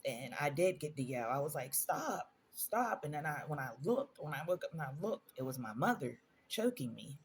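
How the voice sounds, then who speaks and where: A woman's voice: very deep voice, animated, fairly quick, hardly any pauses, slight background noise. A woman vlogger telling personal stories in a casual storytime monologue, earnest and emphatic, repeating phrases for stress.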